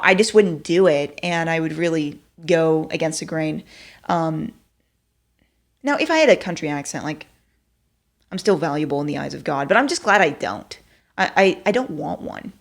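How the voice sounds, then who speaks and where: A woman from Texas hosting a show, talking in a chatty, self-deprecating way full of fillers. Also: fairly low pitch. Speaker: show host. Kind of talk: casual commentary.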